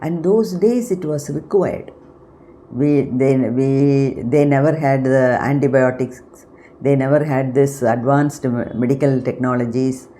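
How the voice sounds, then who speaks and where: Low-voiced woman giving a spiritual talk. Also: warm tone, a little hiss or hum. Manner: unhurried, explanatory, pausing often to search for words. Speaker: spiritual channel host.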